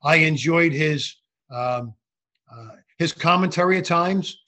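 An older man, a former referee, telling animated anecdotes in a casual interview, with frequent restarts. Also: a little high, takes it slowly. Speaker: guest, former basketball referee.

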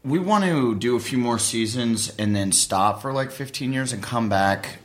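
A man's voice: medium pitch, moderate pace. Laid-back male comedy actor guest. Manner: laid-back, self-mocking banter. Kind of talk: casual comedic interview.

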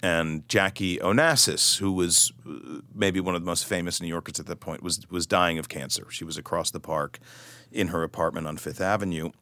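A middle-aged man, a guest in an interview, telling stories in an animated, self-deprecating way with frequent restarts. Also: sits low, normal speed. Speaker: guest, author. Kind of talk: storytelling interview.

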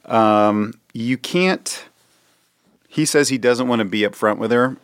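A man co-hosting a comedy podcast, talking in a rambling, halting, mock-stern way. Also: mid-range voice, dry recording, clean studio sound. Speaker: podcast co-host. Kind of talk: comedic casual chat.

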